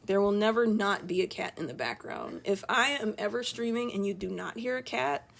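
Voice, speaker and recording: A woman's voice: medium pitch, animated, moderate pace, vocal fry, a little hiss or hum. A young woman chatting casually while she draws on a live stream at home, rambling and laughing often. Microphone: streaming from an iPad.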